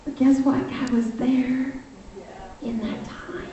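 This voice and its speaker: A woman giving a lively, emphatic sermon testimony, telling a personal story in a church. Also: sits high, slow pace, slight background noise. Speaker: speaker. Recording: far-off echoey church hall, muffled.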